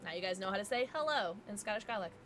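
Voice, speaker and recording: Bright, lively giggly woman streamer. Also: medium pitch, very fast, slight background noise. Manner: giggly, chatty, reacting to chat. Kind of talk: casual chat with live viewers.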